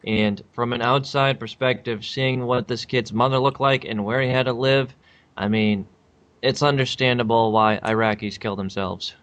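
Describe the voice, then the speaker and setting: A man's voice: medium pitch, fairly even intonation, moderate pace, fairly bright tone. A man with a Boston accent talking on a casual podcast, blunt and crude. He mocks his friend by mimicking his pronunciation, swearing as he goes. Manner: mocking, crude, mimics the other's speech.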